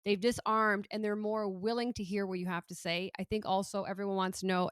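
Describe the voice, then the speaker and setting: A woman's voice: mid-range voice, steady tone, fast, no echo, studio quality. A woman hosting an interview, thoughtful and affirming, asking follow-up questions and murmuring agreement. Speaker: podcast host. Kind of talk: conversational interview.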